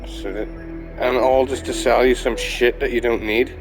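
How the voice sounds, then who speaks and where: A man's voice: mid-range voice, little pitch movement, measured pace, low-quality recording. Young male gamer, casual rambling commentary, mid-range voice, music in the background. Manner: rambling, chatty, swears casually. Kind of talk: casual let's-play commentary. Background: game music.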